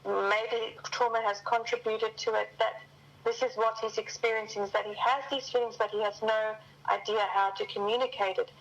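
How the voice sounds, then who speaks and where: A woman counselor talking slowly and reflectively, with a fairly high voice. The audio sounds dull and muffled. She sets out her thoughts calmly. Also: vocal fry. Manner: measured, slow and reflective. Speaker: co-host counselor. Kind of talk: calm counseling advice.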